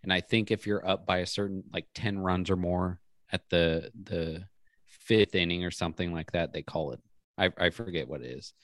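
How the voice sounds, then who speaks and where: Deep-voiced guy cohosting a podcast, rambly, dry mic. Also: moderate pace, dry recording. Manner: rambling storyteller, many restarts. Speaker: podcast co-host. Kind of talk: casual chat.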